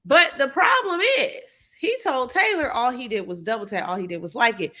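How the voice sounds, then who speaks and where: A woman's voice: on the high side, moderate pace. A young woman chatting casually through a show recap, acting out what people said. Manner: chatty, animated, acts out quotes. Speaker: reality show recap host. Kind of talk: casual chat, live recap.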